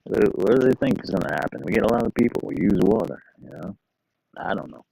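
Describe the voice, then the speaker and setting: A middle-aged man with a very low, heavily gravelly voice talks loosely and easily to his live-stream viewers. He wanders from topic to topic in a relaxed, unhurried ramble. The sound is dry and close, with no room echo. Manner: rambling, easygoing, talking to viewers. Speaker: livestream host. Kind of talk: casual live-stream chat.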